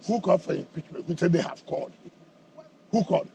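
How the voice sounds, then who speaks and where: A man's voice: a little high, quick pace, gravelly, over a noisy crowd. A middle-aged man with a Nigerian accent, a politician answering heatedly in a television interview, firing rhetorical questions and repeating words.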